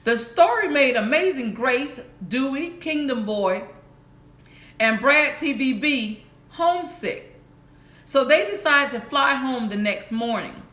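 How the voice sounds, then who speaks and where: A woman reads a bedtime story for adults in a slow, measured way and sometimes stops to correct a word. Her voice sits a little high. The sound rings in an echoey room. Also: lively intonation, fairly bright tone. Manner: slow, careful reading with small restarts.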